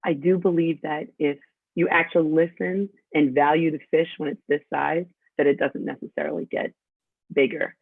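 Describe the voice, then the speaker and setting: A woman's voice: deep voice, steady tone, normal speed, creaky, slightly rough, dry recording. A woman from New York with a New York accent, a guest talking in a chatty, straightforward way in a casual interview. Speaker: podcast guest. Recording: tinny phone-like line.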